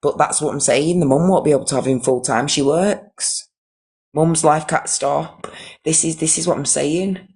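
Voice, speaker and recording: A man's voice: on the high side, moderate pace, a little mellow, husky. A man hosting a live stream, indignant and emphatic, restarting his sentences.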